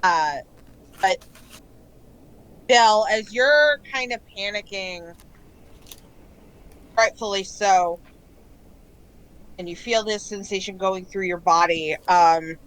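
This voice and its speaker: A woman narrating a tabletop role-playing game as game master, relaxed and hesitant with frequent ums. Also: mid-range voice, slow, pauses often, low-quality recording.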